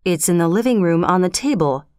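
A woman's voice: on the low side, expressive, a little fast, a little mellow, clear, resonant tone, no echo, studio quality, lightly acted. A woman voicing a weak, frightened old father in a storybook reading. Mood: puzzled. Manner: weak, fearful.

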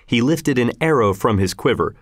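A man narrating a story as an audiobook, reading in a lively, expressive way. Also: mid-range voice, normal speed, no echo, clean studio sound.

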